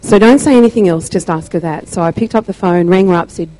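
A woman sharing a church testimony, telling her story slowly and deliberately with emphatic pauses. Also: lowish voice, mellow, rough recording.

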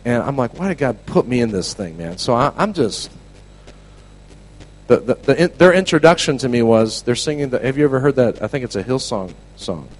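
A man preaching a storytelling sermon to a class, animated, dropping to a hush and then shouting. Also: medium pitch, brisk, poor audio. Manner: animated, swings from hushed to shouting.

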